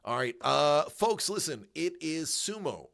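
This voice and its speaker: A man's voice: a little high, big pitch swings, a little slow, creaky, fairly bright tone. A man hosting a livestream, chatting casually and rambling through tangents with fillers and laughter. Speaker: livestream host.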